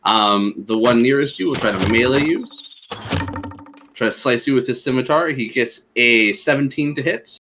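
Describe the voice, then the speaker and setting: A man running a tabletop game as game master, narrating the action in a lively way. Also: medium pitch, normal speed.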